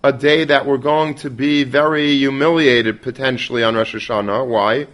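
A man's voice: medium pitch, fairly even intonation, normal speed, fairly bright tone. Man teaching a casual Torah class. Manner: conversational, peppered with Yiddish and Hebrew terms, many restarts.

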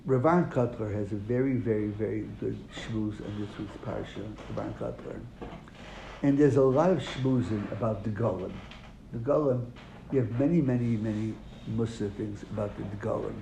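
A man's voice: fairly low pitch, moderate pace, vocal fry, warm tone. A man teaching a classroom lesson, asking his students questions and then answering them. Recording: echoey room, faint noise.

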